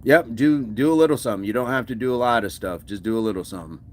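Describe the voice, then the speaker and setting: A man's voice: medium pitch, racing. A man hosting a fitness livestream, chatting casually and answering viewer comments with encouragement.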